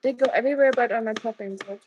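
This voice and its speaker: A woman's voice: on the high side, racing, darkish tone, lo-fi sound, slight background noise. A woman live streaming as she cooks in her home kitchen, chatting casually, greeting viewers by name and making teasing jokes. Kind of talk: casual live-stream chat while cooking.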